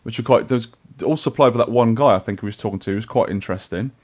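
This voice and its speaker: A man's voice: medium pitch, very fast, darkish tone. A man co-hosting a podcast, chatting casually and rambling with restarts. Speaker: podcast co-host. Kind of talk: casual chat.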